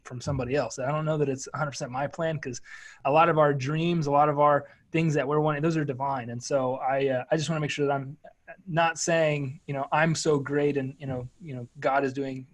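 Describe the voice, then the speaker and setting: Earnest male guest, a bit higher voice. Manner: earnest, emphatic, repeats words. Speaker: entrepreneur guest. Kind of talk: interview answers.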